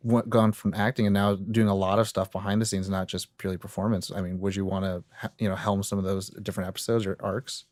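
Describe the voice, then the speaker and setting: A man's voice: low voice, flat delivery, fast talker, few pauses, a little mellow, no room sound, clean studio sound. A man hosting a podcast, asking long, rambling questions full of fillers in casual chat. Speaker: podcast host. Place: podcast studio.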